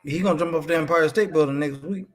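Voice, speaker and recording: A man's voice: fairly high pitch, fast. A man co-hosting a casual wrestling talk show, teasing his partner and laughing often. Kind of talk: casual chat.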